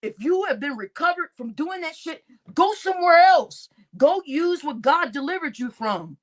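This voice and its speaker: High-pitched angry woman ranting. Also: animated, normal speed. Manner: angry, profane, repeats herself. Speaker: livestream host. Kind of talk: heated livestream rant.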